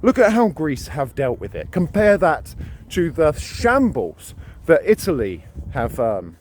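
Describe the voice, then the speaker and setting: A British man ranting to camera with a fairly high voice that swings widely up and down. He hammers his points home, repeating words and phrases as he goes. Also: wildly swooping pitch, a little slow, a little mellow, a little hiss or hum. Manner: ranting, emphatic, repeats himself. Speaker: vlogger. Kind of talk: opinion monologue to camera.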